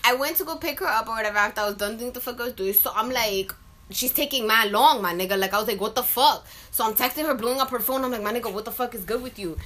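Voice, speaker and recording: A young woman telling a story in casual chat, loud, expressive and full of slang. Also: fairly high pitch, racing.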